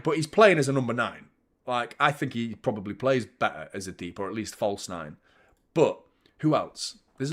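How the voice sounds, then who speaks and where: A man hosts a live football watchalong, talking over the match in a loose, opinionated way. He swears freely and jumps louder when the play turns. His voice sits at an ordinary middle pitch. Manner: chatty and opinionated, swears, rises sharply at big moments. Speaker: host of a football fan channel.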